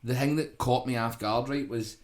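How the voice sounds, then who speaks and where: Glaswegian guy, podcast co-host, rambling sweary anecdote, mid-pitched voice. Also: steady tone, normal speed. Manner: rambling, sweary anecdote-telling with frequent "right?". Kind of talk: comic storytelling.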